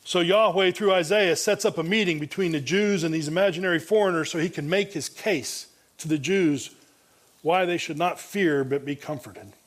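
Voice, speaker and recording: High-voiced male preacher. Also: normal speed. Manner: expository preaching, reading and comparing Bible translations; frequent restarts and repeated words. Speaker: pastor. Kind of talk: sermon.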